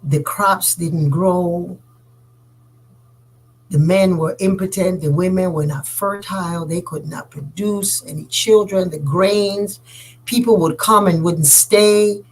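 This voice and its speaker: A woman tells a folk tale aloud in a husky voice. She leaps high in pitch to act out each character's lines, then drops back to a slow, weighty narrating tone. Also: rough recording. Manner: animated, acting out each character's lines with big pitch jumps. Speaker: storyteller. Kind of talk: oral storytelling.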